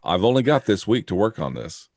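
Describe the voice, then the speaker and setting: A man with a deep, lively voice, recorded dry and close, co-hosting a casual live chat. He teases his friend and patiently explains things to the listeners. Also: a little fast, dry recording.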